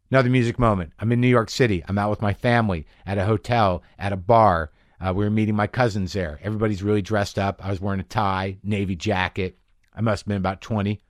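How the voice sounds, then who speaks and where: A middle-aged man hosting a podcast from his garage, telling rambling stories in an animated way, swearing freely. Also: lowish voice, no echo, clean studio sound. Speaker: podcast host. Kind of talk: casual monologue. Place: home garage.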